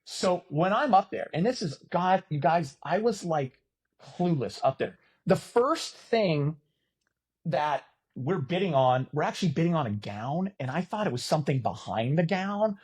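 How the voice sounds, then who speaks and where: A middle-aged man spins a loose, animated yarn as a podcast guest, swearing freely and laughing at his own blunders. His voice sits a bit high for a man and has a husky, slightly rough edge. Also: normal speed. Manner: animated, profane, self-mocking. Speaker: podcast guest, former volleyball player and announcer. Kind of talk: casual storytelling.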